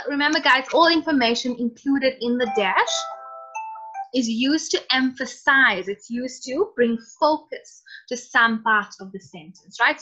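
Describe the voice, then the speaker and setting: A woman's voice: a little high, bright, forceful tone. A woman teaching an online class in a chatty, encouraging way, reading out messages from students. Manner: chatty, encouraging, reads student chat aloud. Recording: lo-fi online call audio.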